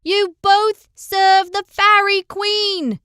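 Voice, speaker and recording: A woman's voice: fairly high pitch, expressive, moderate pace, no room sound, studio quality, lightly acted. A woman voicing a determined, outspoken young heroine in a fantasy audiobook, firm and insistent. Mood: urgent yelling. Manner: forceful, insistent.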